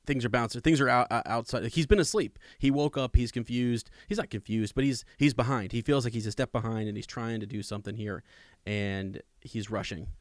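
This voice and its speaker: In studio-quality audio with no room sound, a male podcast co-host chats casually about a book and reads passages aloud. His medium-pitched, fairly even voice is brisk, and his talk rambles with frequent restarts and emphatic asides.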